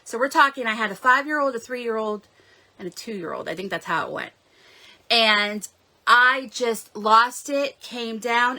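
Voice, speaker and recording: A woman's voice: a little high, sharp tone. A woman in her forties, hosting a live-stream devotional and telling a personal story in an earnest, heartfelt way, recorded at home. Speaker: devotional host.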